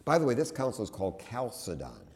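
Male lecturer, low voice, loose and conversational, prone to tangents and restarts. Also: lively intonation, fairly quick, darkish tone. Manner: conversational, digressive, with many restarts and asides. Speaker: teacher. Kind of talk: classroom lecture.

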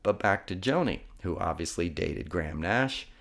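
A man's voice: sits low, animated, normal speed, vocal fry, a bit bright. A man in his fifties hosting a podcast, telling rambling, heartfelt stories from home with many restarts and digressions. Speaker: podcast host. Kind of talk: casual storytelling monologue. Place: home room.

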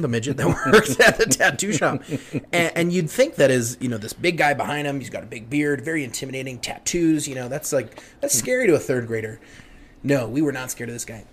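A young man telling a story as a podcast guest, rambling with many fillers and restarts, dropping to a hush at the tense parts. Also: medium pitch, animated, moderate pace, slight background noise. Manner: rambling, many fillers and restarts, hushed when retelling fear. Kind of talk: casual storytelling.

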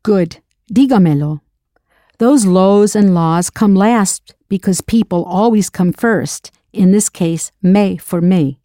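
A woman's voice: mid-range voice, slow pace, dark tone, dry recording, studio quality. A woman narrating a scripted audio language lesson as the teacher. She patiently prompts drill questions and then confirms the answers.

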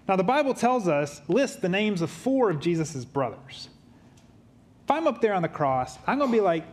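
A man with a fairly high voice preaches a sermon as a pastor. He drops into quiet, low tones for weight, then lifts into lively, joking asides. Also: normal speed. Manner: humorous asides in a conversational tone.

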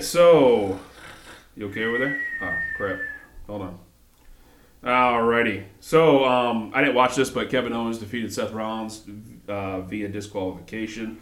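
A man's voice: medium pitch, roomy sound, noisy background. A man co-hosting a casual wrestling recap, hesitant and full of fillers and restarts. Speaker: podcast co-host.

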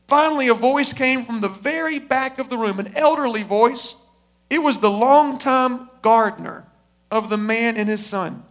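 A male preacher telling a story in a sermon, moving between quick asides and slow, emphatic phrases. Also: very high-pitched, a bit bright.

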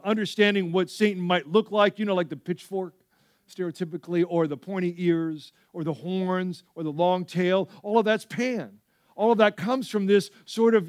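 A male pastor preaching a sermon, telling stories with lively asides to the church. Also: high voice, no echo, studio quality. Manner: animated storytelling with frequent asides.

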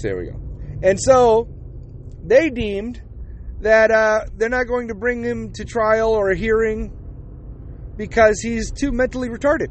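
Young male podcast host, high voice, sarcastic profane rant, faint hiss behind. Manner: angry, sweary, sarcastic.

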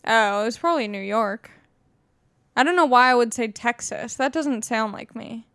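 A woman's voice: a little high, normal speed, fairly bright tone, clean tone, no room sound, clean studio sound. A woman in her twenties hosting a podcast, rambling in a casual, self-mocking, jokey way. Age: 20s. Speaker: podcast host.

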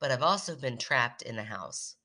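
A woman in her thirties co-hosting a podcast, chatting casually and telling stories in an animated way. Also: extremely low pitch, normal speed. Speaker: podcast co-host. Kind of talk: casual chat.

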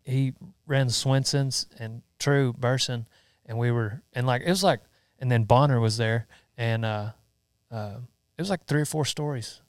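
Laid-back male host, smooth voice, dry close mic. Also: medium pitch, a little slow, dry recording. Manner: laid-back, lots of "like" and "dude". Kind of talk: casual chat.

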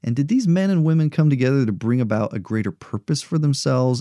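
A man's voice: medium pitch, a little fast, warm tone, no room sound, clean studio sound. A middle-aged man hosting a motivational podcast, talking earnestly and encouragingly, repeating rhetorical questions to his listeners. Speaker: podcast host.

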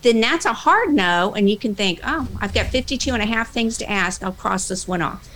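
Animated woman trainer giving a talk. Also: medium pitch, normal speed, poor audio. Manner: animated, plays both sides of dialogues. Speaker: speaker, workplace trainer. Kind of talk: motivational talk with acted-out dialogue.

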